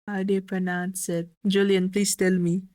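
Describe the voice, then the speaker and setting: A woman's voice: medium pitch, level tone, normal speed, darkish tone, no echo. A woman streamer chatting casually with her viewers, musing aloud and repeating a word over and over to test how it sounds. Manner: chatty with viewers, light swearing. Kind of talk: casual livestream chat.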